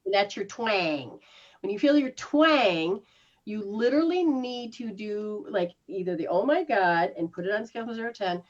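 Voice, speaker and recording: A woman's voice: medium pitch, normal speed. A woman healer talks a client through her habits in a casual session. Her voice leaps up and down as she acts out startled reactions. The recording sounds muffled and lo-fi. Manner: animated, mimics reactions with gasps and laughs. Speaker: spiritual healer giving live sessions. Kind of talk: casual one-on-one coaching.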